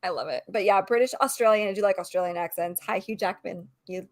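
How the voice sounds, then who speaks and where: Woman, podcast co-host, playful, gushing, medium pitch, dry. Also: fast talker, no room sound. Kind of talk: casual podcast chat.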